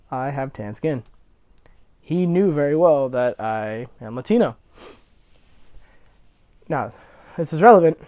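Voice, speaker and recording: A man's voice: mid-range voice, a little mellow. A young man casually telling a personal anecdote, rambling and correcting himself as he goes, cursing freely. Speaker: storyteller.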